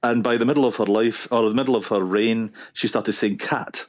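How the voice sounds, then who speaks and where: A man with a Paisley Scottish accent, a linguistics professor speaking in a radio interview in a measured way, with frequent "uh" fillers. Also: on the low side, steady tone, no echo. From Scotland.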